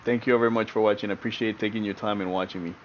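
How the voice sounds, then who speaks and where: A man's voice: on the low side, steady tone, racing, dull audio, slight background noise. A man streaming sim racing, chatting casually with his viewers, laughing often and repeating himself as he talks.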